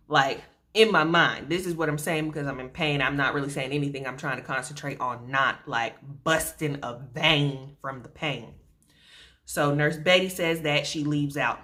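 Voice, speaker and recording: A young woman vlogger telling a story to camera in a colloquial, animated way, with sarcastic asides. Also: low voice, unhurried.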